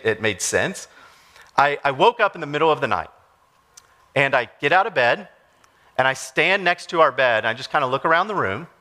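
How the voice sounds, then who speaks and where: Male pastor, young adult, preaching a sermon; chatty and animated, with a lively, bright voice. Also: medium pitch. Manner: conversational and animated, with casual asides.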